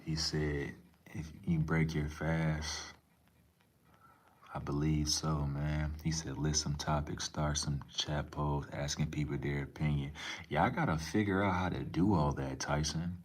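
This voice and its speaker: A man's voice: very deep voice, flat delivery, measured pace. A young man live streaming, talking casually and reading chat aloud, laid-back and profane with lots of slang.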